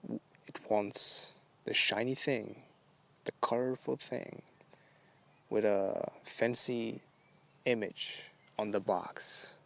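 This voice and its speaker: A man hosts a solo podcast monologue with a gravelly, creaky edge to his voice. He talks at a very slow crawl, rambling and halting through drawn-out phrases. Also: on the low side, fairly even intonation, a bit bright. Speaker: podcast host.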